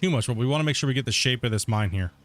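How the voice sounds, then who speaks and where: A man's voice: mid-range voice, rapid-fire, fairly bright tone. A man casually chatting on a live stream while he plays, laid-back and rambling, tagging his sentences with "right?" and "man". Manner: reads out and answers viewer chat. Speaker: gaming streamer.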